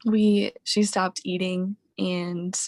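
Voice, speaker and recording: A woman's voice: fairly low pitch, level tone, slow, a little mellow, no room sound. A young woman in her twenties, a coaching client on a video call, grieving and hesitant, with many fillers.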